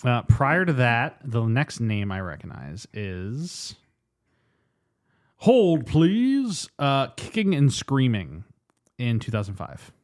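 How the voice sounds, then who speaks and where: A man in casual podcast chat, his pitch swinging widely as he talks. He jokes a lot and slips into teasing impressions, at a middle pitch. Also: unhurried. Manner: lively, jokey, drops into mocking voices. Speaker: podcast co-host. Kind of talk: casual movie review chat.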